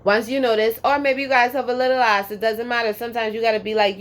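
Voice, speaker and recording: A woman's voice: a little high, level tone, fast talker. A woman giving a casual pick-a-card tarot reading in a sassy, profane, emphatic way, drawling words for emphasis and tagging lines with "okay?".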